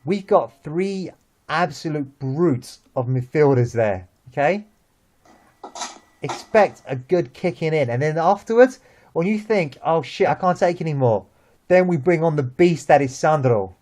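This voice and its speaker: A young man with a London accent, chatting about football as host, lively and full of restarts and repeated words. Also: on the high side, a little slow. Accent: London English. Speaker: vlog host. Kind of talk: casual football chat.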